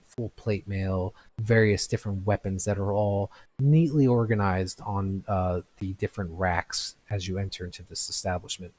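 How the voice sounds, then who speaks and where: A man's voice: low voice, a little mellow. A man narrating a tabletop game as game master, with frequent restarts and fillers. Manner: halting, many restarts and fillers.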